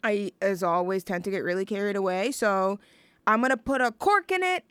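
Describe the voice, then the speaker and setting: A young woman from New York hosting a show, chatting casually and gushing excitably, with lots of filler words and slang. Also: mid-range voice, brisk, smooth, no echo, clean studio sound. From New York, USA. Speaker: show host introducing songs. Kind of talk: casual chat.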